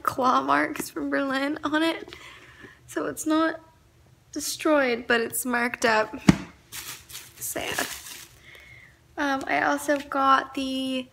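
Bright, high-voiced chatty woman vlogger. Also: creaky, slight background noise. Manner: chatty, enthusiastic, rambling. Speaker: book vlogger. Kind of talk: casual vlog chat.

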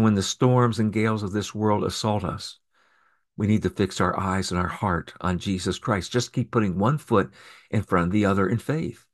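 A male pastor preaching a sermon, pushing key phrases up in pitch and volume for emphasis and reading scripture aloud in a steady narrating voice.

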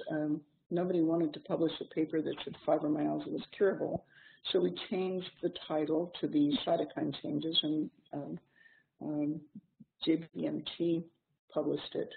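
Gravelly-voiced woman lecturing on a tinny recording. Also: low voice. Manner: measured, explanatory lecturing with frequent um pauses. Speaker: seminar instructor. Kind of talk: clinical seminar lecture. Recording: tinny lo-fi seminar recording with faint hiss.

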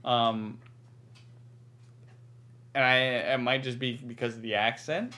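A man's voice: mid-range voice, fairly even intonation, takes it slowly, bright, forceful tone. A man co-hosting a casual reaction video, joking and playing mock-defensive with his co-host.

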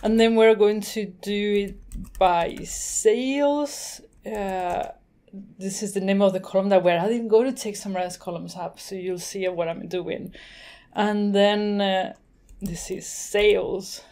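A woman talks through a screen-recorded software tutorial at her desk mic. She is chatty and easygoing, and she thinks aloud as she goes. She laughs now and then, and her voice sits at an ordinary middle pitch. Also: a little slow. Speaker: tutorial host.

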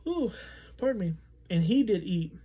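Male pastor, high-pitched, relaxed conversational Bible teaching with frequent fillers. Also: moderate pace, husky, dull audio. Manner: conversational, thinking aloud with fillers.

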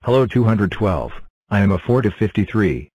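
A man voicing a cheerful talking number block in a cartoon, announcing itself in short flat sentences. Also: on the low side, moderate pace, dry recording, poor audio. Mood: plain.

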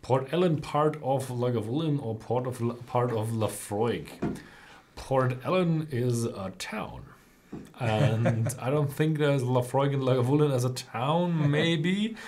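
A man's voice: mid-range voice, unhurried, darkish tone, a little hiss or hum. A man, a German native speaker, co-hosting a whisky tasting livestream and chiming in with side facts.

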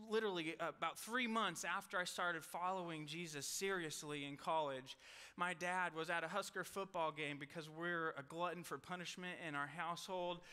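Young male preacher, high bright voice, joking asides, long hall reverb. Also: clean tone. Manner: storytelling, self-deprecating humor, restarts and quick asides. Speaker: college chapel speaker. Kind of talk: sermon.

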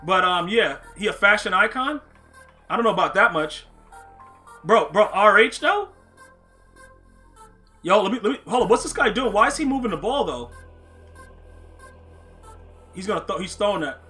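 A man streaming a football video game, excitable and trash-talking, shouting at plays and chatting with his viewers. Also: high-pitched, moderate pace, pauses often, faint music behind. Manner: chats with viewers while playing. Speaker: gaming streamer. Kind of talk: live gameplay commentary.

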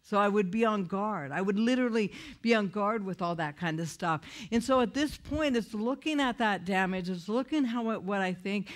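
A woman giving an earnest, candid recovery talk in a conversational way, often restarting her sentences. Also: mid-range voice. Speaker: recovery speaker.

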